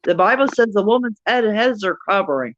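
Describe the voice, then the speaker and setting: A woman's voice: mid-range voice, expressive, brisk, no echo. Woman guest rambling on, repeats herself a lot, kinda muffled line. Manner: rambling, repeats words often. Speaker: guest on a live stream. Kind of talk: casual chat.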